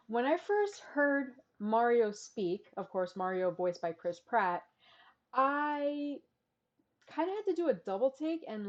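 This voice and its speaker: A woman's voice: mid-range voice, darkish tone, dull audio. A woman vlogger giving casual reaction commentary, chatty and full of "like" and "um" fillers.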